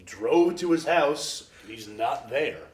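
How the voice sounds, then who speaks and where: A man telling a wild story as an interview guest, animated, acting out quoted voices and laughing often. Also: medium pitch, slow pace, echoey room. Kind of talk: casual storytelling.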